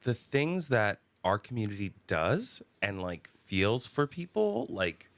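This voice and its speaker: A man in his thirties, co-hosting a podcast, telling candid stories with lots of laughs and quick restarts. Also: lowish voice, dry recording. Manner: animated storytelling, laughs often, quick restarts. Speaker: podcast co-host. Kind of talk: casual chat.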